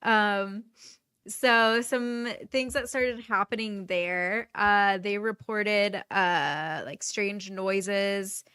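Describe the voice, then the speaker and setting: A woman telling stories in a slow, relaxed way, pausing on "um" and giggling easily. Her voice is smooth and clean, at a mid pitch. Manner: giggly, with frequent "um" while telling the story. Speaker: podcast co-host. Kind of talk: casual chat, recounting cases.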